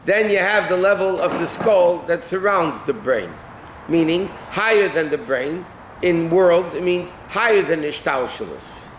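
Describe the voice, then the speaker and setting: Rabbi teaching a class in an echoey room. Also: male voice, high-pitched, expressive, a little slow. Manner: explains phrase by phrase, translating as he goes, with asides like "right?" and "okay?". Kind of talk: text-based Torah class. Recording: echoey room with faint ambient noise.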